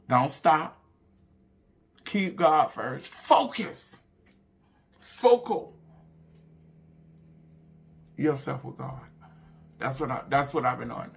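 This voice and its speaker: A woman, hosting a casual motivational talk for her viewers, animated and emphatic, swinging between loud bursts and hushed asides. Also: very deep voice, slow pace, vocal fry, long pauses. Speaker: online show host.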